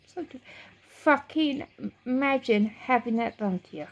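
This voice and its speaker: Middle-aged woman, fairly high voice, emotional rambling storytelling, dull lo-fi sound. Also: animated, measured pace. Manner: emotional, rambling, swears, frequent restarts. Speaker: vlogger. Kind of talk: personal storytelling to camera.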